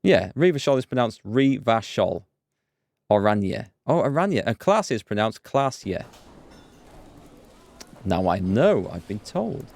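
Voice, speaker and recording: A man hosting a let's play, reading the game's dialogue aloud with quick asides to viewers. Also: vocal fry, no echo. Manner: reads dialogue aloud with quick asides, jumps in pitch when excited. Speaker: gaming channel host.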